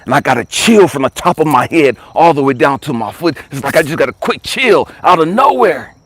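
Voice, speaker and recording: A male life coach and motivational speaker tells a personal story with drama, leaping from excited high bursts to hushed, whispery lows while urging listeners to stay with him. His pace is fairly quick, with a breathy edge.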